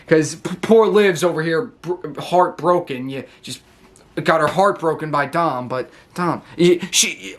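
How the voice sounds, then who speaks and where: Excitable high-voiced man recapping. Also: measured pace. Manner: excitable, rambling, self-correcting, laughs often. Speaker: wrestling channel host. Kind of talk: casual show recap.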